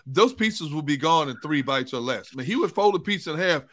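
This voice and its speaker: A man co-hosting a sports talk show, telling a story in a casual, animated way. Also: fairly high pitch, fast talker. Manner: animated storyteller, laughs as he tells stories. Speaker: co-host, sports reporter.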